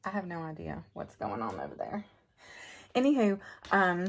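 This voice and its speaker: A woman's voice: lowish voice, huge pitch swings, moderate pace, pauses often. A middle-aged woman vlogging about farm family life, chatting casually and heartfelt with viewers. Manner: chatty and heartfelt, drifts into emotion. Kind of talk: casual vlog chat to viewers.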